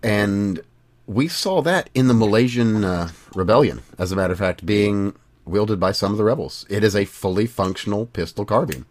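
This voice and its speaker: A man's voice: fairly low pitch, moderate pace. A man chatting on a podcast in a blunt, emphatic way, with plenty of swearing. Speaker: podcast co-host. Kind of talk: casual podcast chat.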